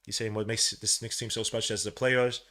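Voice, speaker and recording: New guy hosting a live game watch-along, bright voice, slangy, gets loud and hyped. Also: brisk. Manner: excitable, swings from low mutters to loud cheering; casual slang, calls listeners bro and son. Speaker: podcast host.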